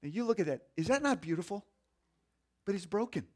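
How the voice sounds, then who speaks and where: A man preaching a sermon in a conversational, folksy way, swinging between hushed passages and loud, animated ones. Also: high voice, a little fast. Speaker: pastor.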